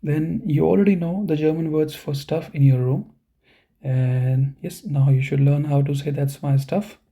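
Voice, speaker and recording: A male language teacher explains sentence structure in an online lesson, checking in with "okay" and "you know". His voice is gravelly and dark, set slightly high for a man. He talks into a computer microphone. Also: fairly even intonation, unhurried. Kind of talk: online class lecture.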